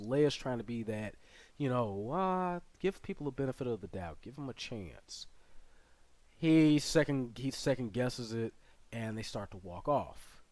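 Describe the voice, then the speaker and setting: A man's voice: medium pitch, lively intonation, unhurried, a little mellow, no room sound. A man hosting his channel, casually retelling a show's plot in a rambling way full of fillers and asides. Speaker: channel host reviewing a series. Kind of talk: casual spoken plot recap.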